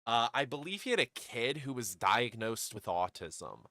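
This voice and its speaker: A man's voice: medium pitch, big pitch swings, normal speed, a crowd in the background. A male streamer chatting casually, loose and joking, cursing now and then. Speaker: streamer host. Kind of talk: casual chat.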